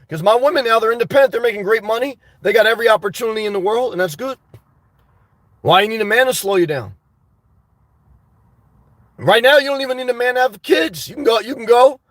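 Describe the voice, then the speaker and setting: A man's voice: extremely high pitch, lively intonation, a little fast, dry recording. A man hosting a livestream, talking off the cuff as he reads chat, blunt and crude and full of restarts. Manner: rambling and off-the-cuff, with frequent restarts. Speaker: livestream host reading chat. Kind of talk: casual live-chat talk.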